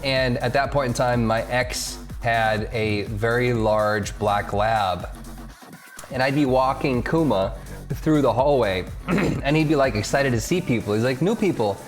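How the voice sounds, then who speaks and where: A man's voice: mid-range voice, a little slow. A man streaming a game from home, casually chatting, joking and reading chat messages aloud. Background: game music.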